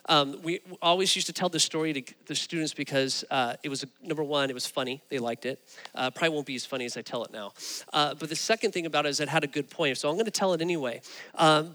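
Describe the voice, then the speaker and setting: Man preaching in a reverberant hall. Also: fairly high pitch. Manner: animated storytelling with rising emphasis. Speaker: pastor. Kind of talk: sermon.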